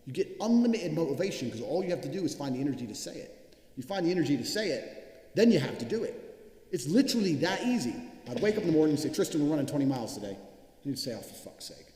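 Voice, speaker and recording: Fairly high-pitched, mellow and very animated, this man speaks quickly while giving a blunt, cursing motivational talk. He repeats himself to hammer points home. The recording comes from an echoey hall with long reverb.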